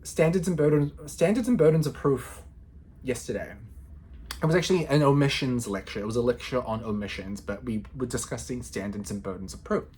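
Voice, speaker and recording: A man's voice: medium pitch, brisk, warm tone, slightly rough. A man in his thirties, a law student, chatting casually to camera in a playful, slangy way, often breaking into laughter. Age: 30s.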